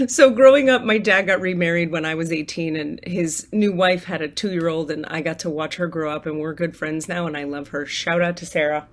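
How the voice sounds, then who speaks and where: A woman's voice: deep voice, fairly quick, few pauses. A woman talking casually to her viewers from home, candid and chatty, swearing freely and laughing often as she leads a gratitude list. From United States. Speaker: spiritual coach and tarot reader. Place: apartment at home.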